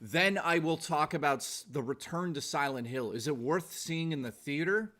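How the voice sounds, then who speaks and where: A man's voice: fairly high pitch, moderate pace, pushed and bright. A man streaming from home, chatting casually with crude, profane jokes and rambling asides. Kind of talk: casual livestream chat.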